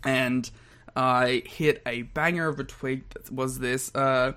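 A man's voice: medium pitch, steady tone, slow pace, sharp tone, smooth. A young man co-hosting a podcast in casual chat, rambling with restarts and laughing often. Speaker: podcast co-host.

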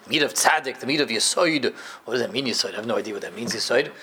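A man teaching a live Torah class to a group, animated and emphatic, dropping into low asides and playful jokes with his students. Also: racing, a little hiss or hum. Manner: animated, emphatic, jumps between loud stresses and low asides.

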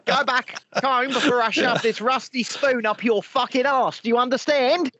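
A man's voice: very high-pitched, fairly even intonation, normal speed, pushed and bright, dry recording, pitched above the performer's own voice, full character voice. A man voicing an aggressive, foul-mouthed male beachgoer who threatens and swears. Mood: menacing.

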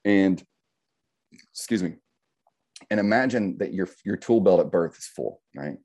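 A middle-aged man with a very low, deep voice talks in an easy podcast conversation. His tone is dark and mellow, and he explains his ideas reflectively, tagging his points with "right?". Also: unhurried. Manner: reflective, explains with metaphors, frequent "right?" tags.

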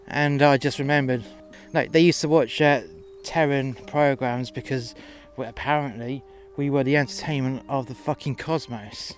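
A man's voice: medium pitch, steady tone, normal speed, soft background music. Man casually narrating a story. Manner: casual, sweary, rambling with fillers. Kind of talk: first-person story narration.

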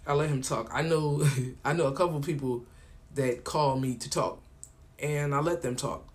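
A man's voice: fairly high pitch, steady tone, normal speed. Rambling, slangy man telling stories. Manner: rambling storytelling, acts out both sides of phone calls; loose and colloquial, with frequent slang. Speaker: podcast host. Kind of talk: casual monologue.

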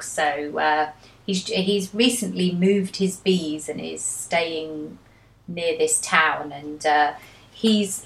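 A woman's voice: fairly low pitch, creaky, fairly bright tone. A woman co-hosting a book podcast, chatting casually with frequent hesitations. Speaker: book club podcast co-host. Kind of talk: casual chat and reading aloud. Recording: echoey room.

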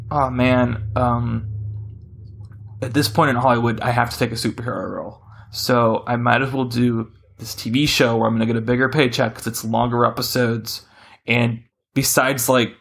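A man with a gravelly voice hosts a relaxed podcast conversation. He rambles and corrects himself as he goes, and his pitch jumps whenever he gets animated. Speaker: podcast host. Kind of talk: casual chat.

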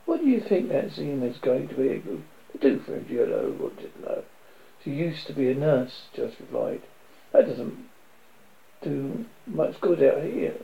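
A man's voice: animated, moderate pace, creaky, muffled recording. A man reading a novel extract aloud, with small slips and restarts and a lifted voice for the characters' lines. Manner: reads with slips and restarts, lifts pitch for quoted speech. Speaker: reader.

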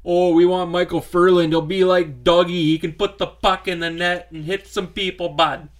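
A man putting on a loud old-school hockey fan with a hoser accent. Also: high voice, little pitch movement, moderate pace, pitched above the performer's own voice, close to an everyday voice. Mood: boisterous. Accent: exaggerated Canadian "hoser" accent. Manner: loud, drawling, folksy.

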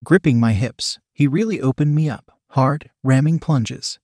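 A man narrating an erotic audio story in the first person, reading in a steady, measured way. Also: mid-range voice, dry recording, clean studio sound.

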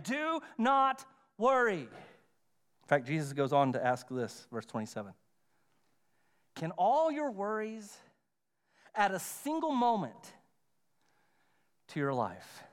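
High-voiced male pastor preaching. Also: a bit bright. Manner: emphatic, conversational preaching with dramatic pauses and repetition. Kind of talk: sermon. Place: church sanctuary.

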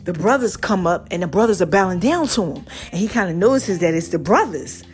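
A woman's voice: on the low side, expressive, brisk, soft background music. A woman, telling a Bible story in a casual sermon style and often asking "right?". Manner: chatty, keeps asking "right?". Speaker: podcast host.

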